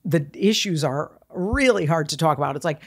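A woman in her sixties with a low voice chats as a podcast guest. She talks bluntly and swears freely, acting out her stories with lots of energy. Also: normal speed, husky. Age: 60s. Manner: blunt, profane, animated storytelling. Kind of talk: casual chat.

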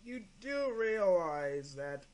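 Man, high voice, bright tone, slow deliberate delivery, exasperated commentary. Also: sing-song. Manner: exasperated, sighing, profane. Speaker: channel host responding to a video. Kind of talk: casual commentary rebuttal.

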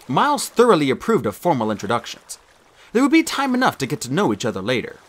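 A man reading an audiobook aloud with lively, expressive storytelling. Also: mid-range voice, fairly quick. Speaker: audiobook narrator.

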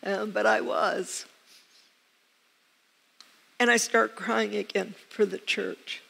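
Woman preacher, slow, earnest storytelling, gravelly edge, church hall reverb. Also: mid-range voice, fairly even intonation. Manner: earnest storytelling with soft laughs. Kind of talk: sermon.

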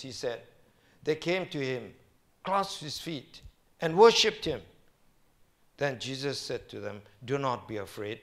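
A middle-aged man, a senior pastor preaching a sermon and reading scripture aloud with slow emphasis. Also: medium pitch, expressive, a bit bright.

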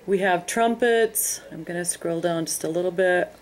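Woman calmly walking through music software. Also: lowish voice. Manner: unhurried, explanatory, frequent ums. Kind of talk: screen-recorded tutorial narration.

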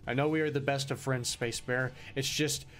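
A man's voice: mid-range voice, fairly even intonation, moderate pace, fairly bright tone, soft background music, close to an everyday voice. A man reading an earnest robot sidekick.

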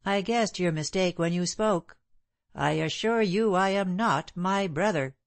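A woman reading a cold, composed gentleman. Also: lowish voice, unhurried, no room sound. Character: calm, stern gentleman with a hard voice.

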